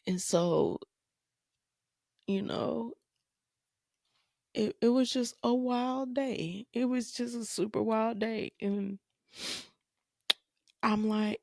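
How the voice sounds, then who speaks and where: A woman hosting a podcast, telling a personal story in a halting, tearful way and repeating her phrases. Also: a little high, gravelly, darkish tone, dry recording, clean studio sound. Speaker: podcast host.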